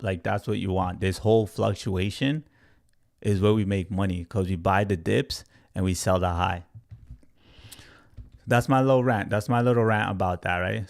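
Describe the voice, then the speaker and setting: A man's voice: low voice, vocal fry. A man in his thirties, a crypto trading educator, talks casually and animatedly to a livestream chat, tagging "right?" and "you guys" onto nearly every line.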